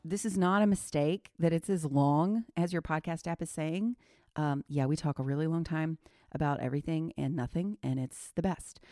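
A woman's voice: low-pitched, a little mellow, dry recording, clean studio sound. A woman hosting a podcast in casual chat, chatty and teasing, often breaking into giggles, recorded in a living room. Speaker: podcast host.

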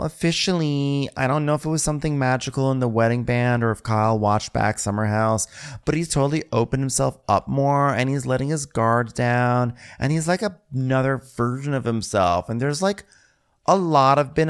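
A man co-hosting a comedic podcast recap, playful and quick with mocking voices. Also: medium pitch, smooth. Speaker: podcast co-host.

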